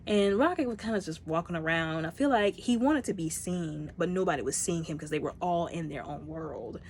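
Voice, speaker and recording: A woman with a fairly low voice chats through a movie review, emotional and talkative, calling out to her viewers as y'all. She slips into the characters' lines as she retells scenes. A faint hiss sits under the voice. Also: a little fast. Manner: acts out characters' lines in bursts. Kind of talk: casual movie review chat.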